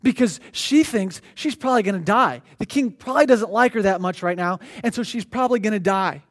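A man pastor delivering a sermon in a conversational, animated storytelling manner. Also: sits high, fairly quick.

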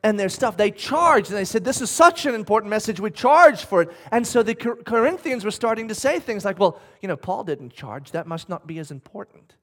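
A man preaching a sermon, animated, acting out quotes with the odd laugh. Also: high voice, a little fast. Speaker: pastor.

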